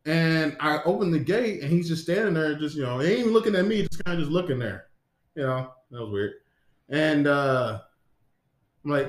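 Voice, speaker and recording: A man's voice: fairly high pitch, quick pace. A man telling a long dream story in casual chat, full of restarts and cursing. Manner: rambling, profane, many restarts. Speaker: podcast co-host. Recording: echoey room.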